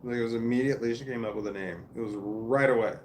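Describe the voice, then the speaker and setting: A man's voice: mid-range voice, fast, slight background noise. A man telling a rambling family story in a casual, profane monologue, restarting his sentences often.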